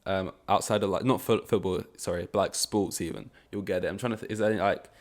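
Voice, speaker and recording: A young man talks alone on his podcast in a loose, rambling way. His voice sits on the low side, and he often stops mid-thought to correct himself. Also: fairly even intonation, fast talker. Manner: rambling, self-correcting, frustrated asides. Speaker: podcast host. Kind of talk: casual solo podcast chat.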